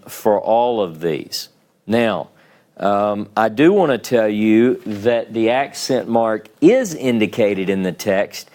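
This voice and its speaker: A man's voice: lowish voice, a little mellow. A man with a Southern US accent teaching a class, explaining step by step and often checking in with "okay?" and "right?". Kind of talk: classroom lecture.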